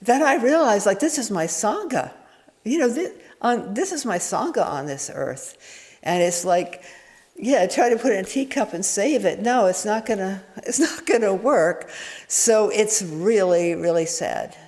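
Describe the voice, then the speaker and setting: A woman Zen teacher giving an informal dharma talk, meandering and candid, with many restarts and soft chuckles. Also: medium pitch, expressive, a little slow. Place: meditation hall. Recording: echoey hall reverb.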